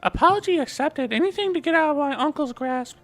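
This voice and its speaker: A man's voice: extremely high pitch, expressive, brisk, soft background music, voice pushed up. A man voicing a sardonic young woman mercenary, reading game dialogue in a raised voice.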